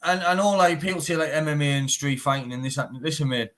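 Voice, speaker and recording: A man's voice: a little high, steady tone, fast talker, fairly bright tone. A young man with a Teesside accent, a bare knuckle fighter talking bluntly in a casual interview, swearing often and saying "mate" in nearly every sentence. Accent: Teesside English. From England.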